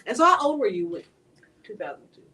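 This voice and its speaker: A woman hosting an interview, asking gentle, probing questions and affirming her guest. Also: a little high, big pitch swings, fast talker, breathy edge, far from the mic. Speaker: interviewer host. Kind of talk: conversational interview.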